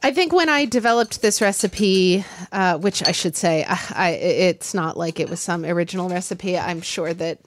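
A woman demonstrating a recipe in casual chat, emphatic with quick asides. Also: fairly low pitch, a little hiss or hum. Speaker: cook, guest.

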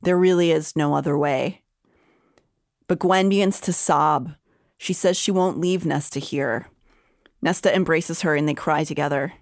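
A woman with a lowish voice recaps a novel for her podcast co-host, narrating the plot like a storyteller and pausing on dramatic gasps. The sound is dry and close, with no room around it. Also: a little mellow, dry recording. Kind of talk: casual book discussion and recap.

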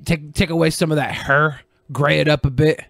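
A man's voice: a little high, fairly even intonation, normal speed, gravelly, a bit bright, no echo. A man hosting a podcast, joking in a sarcastic, self-mocking way. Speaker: podcast host. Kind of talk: casual comedic banter.

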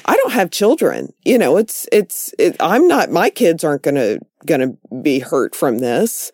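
Passionate low-voiced woman, lively pitch. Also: normal speed, no echo, studio quality. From Texas. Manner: passionate, rising pitch when worked up. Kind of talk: casual chat.

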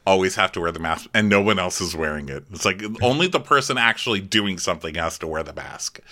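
A man's voice: deep voice, lively intonation, fast, bright, forceful tone. A man co-hosting a podcast, recapping a show in a wry, sarcastic casual chat. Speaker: podcast co-host.

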